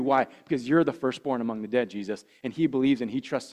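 A man, a pastor preaching a sermon with earnest repetition that swells louder on key phrases. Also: medium pitch, fairly even intonation, quick pace, hardly any pauses. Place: church.

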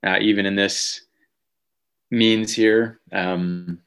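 A man's voice: lowish voice, fairly even intonation, slow, a bit bright, clear, resonant tone. A man in his thirties, a pastor preaching an Easter sermon over a video call, telling a family story in a conversational way before reading Scripture aloud.

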